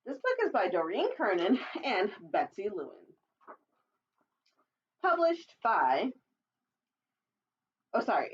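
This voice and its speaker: In a lo-fi recording, a children's librarian, a woman, shares a picture book at storytime, chatting playfully with her young audience and making squeaky animal sounds. Her tone is darkish and slightly rough.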